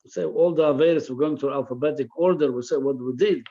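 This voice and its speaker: A man with a somewhat high voice talks fast while teaching a class on a religious text as a Torah teacher, and the audio is dull. Reading phrase by phrase, he translates each line and keeps repeating words as he gropes for the right translation.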